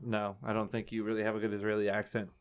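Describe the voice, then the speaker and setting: A man's voice: lowish voice, completely flat delivery, fast talker, clear, resonant tone. A man co-hosting a comics podcast, trading dry, teasing banter in casual chat. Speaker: podcast co-host.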